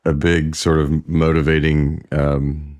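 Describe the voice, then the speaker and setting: A man in his forties with a very deep, low voice, the guest on an interview show. He tells family stories in a relaxed, conversational way, sometimes restarting his sentences. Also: takes it slowly. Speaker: singer-songwriter guest.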